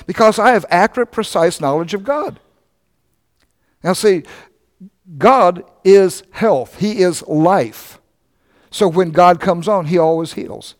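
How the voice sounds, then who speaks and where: An older man preaching a sermon, telling stories in a conversational, animated way. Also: high voice, slow, long pauses, big-room sound. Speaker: pastor.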